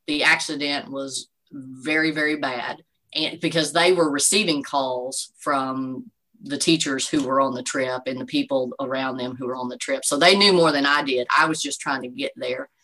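A woman's voice: a bass voice, fairly bright tone, rough recording. A woman in her forties giving an earnest, faith-filled personal testimony as an interview guest, telling her story with frequent "you know". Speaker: guest, bereaved mother.

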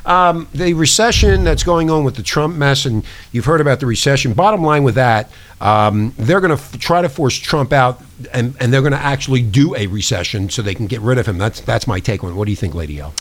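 A man's voice: medium pitch, animated, fairly quick, hardly any pauses. A man hosting a talk show from a small studio, ranting in a profane, conspiratorial way. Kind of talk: casual talk show monologue.

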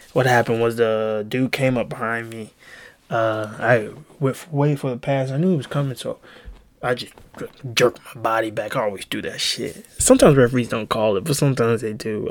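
A young man hosting a solo podcast, telling a heated story in a rambling, profane way. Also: medium pitch. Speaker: podcast host. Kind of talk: casual solo podcast monologue.

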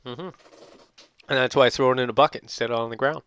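Young male host, bright and crisp, dry close sound, loose profane storyteller. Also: medium pitch, fairly even intonation, fast, no room sound. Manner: rambling, profane storytelling, loud bursts when amused. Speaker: podcast host. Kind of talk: casual chat.

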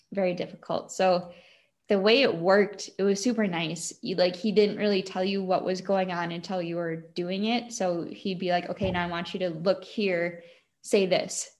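A woman's voice: mid-range voice, steady tone, normal speed. A young woman with a Wisconsin accent tells a story in an easy, chatty way. She leans on fillers and giggles often as she talks. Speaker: guest. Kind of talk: casual storytelling.

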